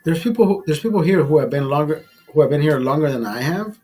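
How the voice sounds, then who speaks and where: A man casually telling a profane story in a vlog, animated and blunt. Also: fairly high pitch, fast talker, faint music behind, rough recording. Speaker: vlogger.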